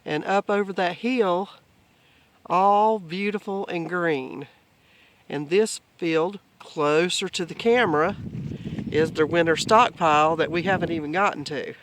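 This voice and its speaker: Man, slightly high voice, relaxed farm explainer, outdoors. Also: a little slow, background noise. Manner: relaxed, explains the grazing plan. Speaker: homesteader filming the farm. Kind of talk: casual farm vlog narration.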